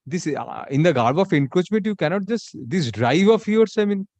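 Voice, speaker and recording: A man's voice: sits high, expressive, normal speed, a little mellow, no echo. A man with an Indian English accent presiding as a judge in a courtroom, firm and interrupting with small stumbles. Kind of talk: courtroom hearing. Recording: dull livestream audio.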